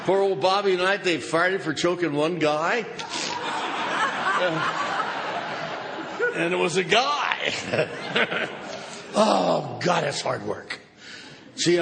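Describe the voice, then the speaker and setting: A gravelly older man tells a wry story at a recovery conference, swinging between booming outbursts and quiet asides. His voice sits a little high. The live recording carries a long hall reverb and steady noise. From Southern California. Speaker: AA speaker. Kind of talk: recovery meeting talk with humor.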